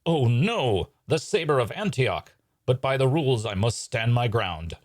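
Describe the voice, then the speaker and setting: A man voicing a grandiose male stage magician who speaks in slow, formal declarations. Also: medium pitch, sing-song, no echo, clean studio sound, voice pushed up. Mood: grandly formal.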